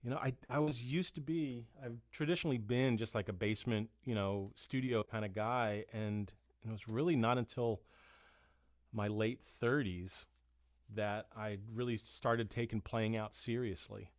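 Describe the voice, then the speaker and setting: A man's voice: lowish voice, moderate pace, no echo. Chatty middle-aged man, dry sound. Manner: rambling, self-deprecating, many restarts. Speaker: musician guest. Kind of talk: casual chat.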